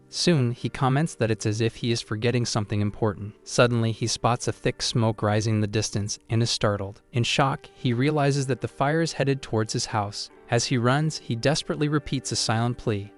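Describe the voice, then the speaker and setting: A man reads a scripted story recap at a middle pitch, in a steady, even storytelling delivery. Soft music plays faintly behind his voice. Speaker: recap narrator. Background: faint background music.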